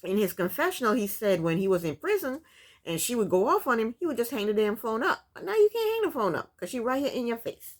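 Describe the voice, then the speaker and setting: Brief: blunt, sassy woman recapping a TV episode in casual commentary, with a very lively, swooping voice. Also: fairly high pitch, fast. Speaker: reality TV recap YouTuber.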